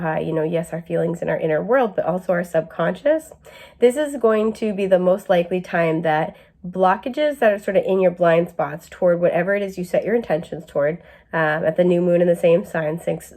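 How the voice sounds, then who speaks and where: A woman's voice: mid-range voice, darkish tone. A young woman giving a casual tarot and astrology reading, chatty with lots of fillers and an occasional cough. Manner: chatty, many fillers, asides to camera. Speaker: tarot reader.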